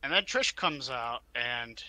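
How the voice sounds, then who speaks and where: A man's voice: medium pitch, expressive, takes it slowly, bright, forceful tone, no room sound. A man co-hosting a casual comedy podcast, giving a loose, rambling wrestling recap. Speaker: podcast co-host.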